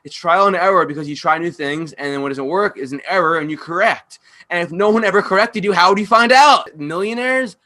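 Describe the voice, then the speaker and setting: A man hosting a podcast, ranting bluntly and profanely in a fast, clearly pronounced casual delivery. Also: a little high, sharp tone. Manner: fast-talking, with clear pronunciation. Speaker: podcast host.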